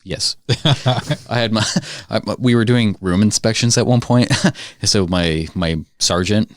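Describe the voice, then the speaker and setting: A man co-hosting a podcast, teasing his friends with quick joking interjections in casual banter. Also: lowish voice, dry recording, studio quality. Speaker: podcast co-host.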